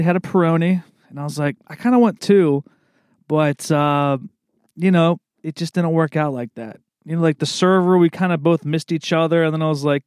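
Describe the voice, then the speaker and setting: A young man hosts a loose, rambling solo chat with an easygoing, bro-ish manner, sprinkling "man" and "dude" through every thought. His voice sits a little higher than most men's. The sound is close and dry, with no room echo. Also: a little mellow, smooth. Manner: laid-back, rambling, peppers talk with "man" and "dude". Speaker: podcast host.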